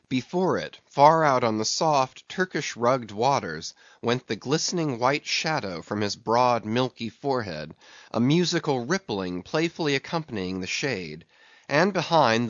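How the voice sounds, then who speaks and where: A man's voice: medium pitch, a bit bright, no room sound. Man reading an audiobook narration. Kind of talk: scripted narration. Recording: dull, dry sound.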